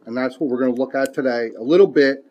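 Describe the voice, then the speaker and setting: A man's voice: mid-range voice, fast talker, lo-fi sound. A man preaching a sermon who reads scripture aloud emphatically and mixes in folksy, casual asides.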